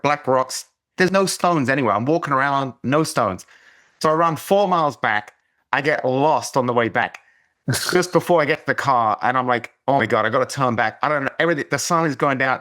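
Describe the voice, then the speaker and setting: A man's voice: mid-range voice, a bit bright. A middle-aged man from England, hosting a podcast and telling a casual, rambling story with many restarts. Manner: rambling, self-interrupting, lots of restarts. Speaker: podcast host.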